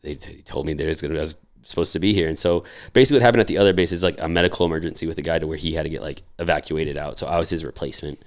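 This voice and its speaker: A young man with a very low, gravelly voice tells his stories in a loose, casual way. He swears freely and jumps into animated impressions of the people he quotes. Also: racing, few pauses. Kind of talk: casual storytelling.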